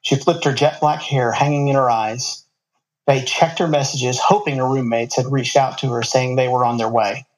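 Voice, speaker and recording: Brief: male storyteller, mid-pitched voice, relaxed reading with casual asides. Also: moderate pace, rough recording. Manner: casual asides between passages.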